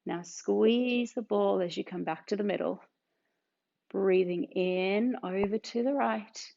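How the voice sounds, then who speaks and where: A pilates instructor from Australia, short of breath, walks through an ab session by cueing moves and counting down. She speaks slowly in a warm, creaky, mid-range voice, recorded with dull lo-fi sound.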